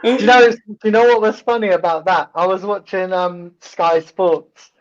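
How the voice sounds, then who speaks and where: A man hosting a casual football watch-along, telling stories in a rambling, halting way with many ums and restarts. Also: high-pitched, fairly even intonation, muffled recording, a little hiss or hum. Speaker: host.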